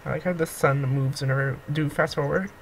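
A young woman giving excitable let's-play commentary, gasping and pleading with the game as she plays. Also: low-pitched, fairly quick, a little hiss or hum, low-quality recording. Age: young adult. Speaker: gaming YouTuber.

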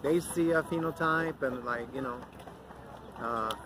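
Blunt middle-aged man over loud traffic. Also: mid-range voice, unhurried. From Mexico. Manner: blunt, outspoken, rambling with many fillers. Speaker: vlogger. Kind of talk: casual outdoor vlog rant. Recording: loud outdoor traffic noise.

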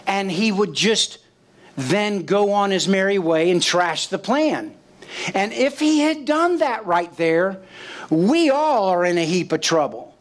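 Male pastor, sermon delivery, high voice, deliberate slow pacing, quizzes the congregation. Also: expressive. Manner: questions the congregation, acts out quoted voices. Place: church sanctuary.

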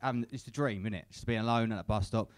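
A man's voice: lowish voice, fast, no echo. A young man doing a crude, sweary stand-up set at a comedy club, tagging lines with "innit". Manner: crude, swears a lot, tag questions like "innit".

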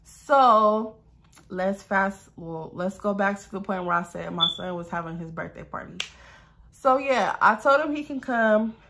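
A young woman talks straight to her viewers in a storytime vlog, her voice leaping up sharply whenever she acts out what someone said. She sounds exasperated and animated. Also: a little slow, noisy background. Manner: animated, exasperated, voices quoted lines with big pitch jumps. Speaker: storytime vlogger.

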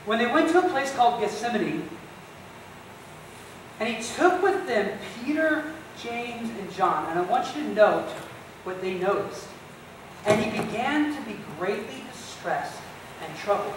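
In a church sanctuary, a pastor preaches a sermon in a very high, unhurried voice with a slight hiss or hum. He retells the story conversationally and with animation, acting out its characters in asides. The recording is echoey and the voice sounds far off.

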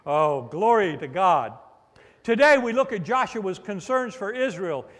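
A man delivers a lively sermon from the pulpit in an unusually high register for a man. He prompts the congregation with amens and drops in homespun humor. His voice carries a long echo from a large church hall. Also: measured pace. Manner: preacherly, with call-and-response "amen?" and playful asides. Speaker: pastor.

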